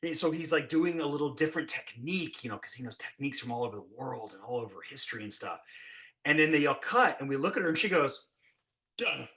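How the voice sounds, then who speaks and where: A man, a special effects blacksmith, telling set stories in a casual, animated way and acting out what people said. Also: quick pace. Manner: animated, acts out quotes with big pitch jumps. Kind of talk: casual storytelling.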